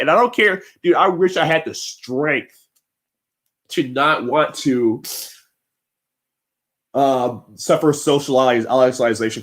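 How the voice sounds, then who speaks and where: A man vlogging an impassioned, rambling monologue, emotional and emphatic, repeatedly checking in with his listeners. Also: medium pitch. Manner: heated, rambling, emphatic with repeated tag questions.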